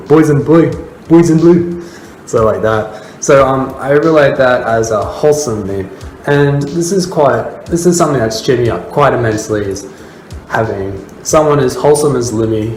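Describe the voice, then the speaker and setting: Australian male host, casual commentary with lots of fillers, mid pitch. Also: darkish tone, a little hiss or hum. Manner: rambling, many fillers. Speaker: host reviewing viewer memes. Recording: roomy with faint music.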